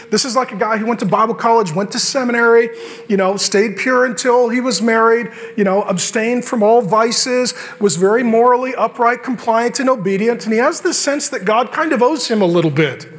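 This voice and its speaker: A man's voice: sits high, a bit bright. A male pastor preaching a sermon with humor, acting out biblical characters in quoted asides.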